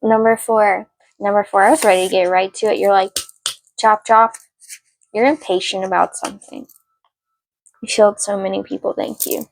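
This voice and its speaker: A woman's voice: medium pitch, little pitch movement, fairly quick, gravelly, slight background noise, rough recording. A young woman giving a casual, rambling tarot reading with lots of fillers. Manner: rambling, chatty, many fillers; yells at barking dogs mid-reading. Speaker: tarot card reader.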